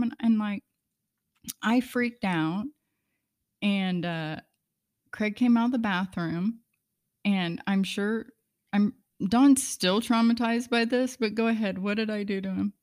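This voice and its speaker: A middle-aged woman hosting a podcast, telling family stories in a casual, animated way and acting out quotes. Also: medium pitch, takes it slowly, long pauses, no echo, clean studio sound. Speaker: podcast host. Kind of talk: casual chat.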